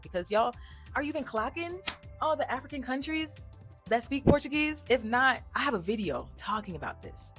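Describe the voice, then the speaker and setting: A young adult woman talking casually in a language-learning vlog. She is animated and chatty, laughs often and slips into quick put-on voices when quoting people. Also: fairly low pitch.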